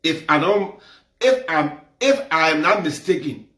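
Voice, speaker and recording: A man's voice: fairly high pitch, animated, a little slow, a bit bright. Emphatic, repetitive man commentator. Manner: repetitive, emphatic, gets heated. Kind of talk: casual commentary. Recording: echoey room.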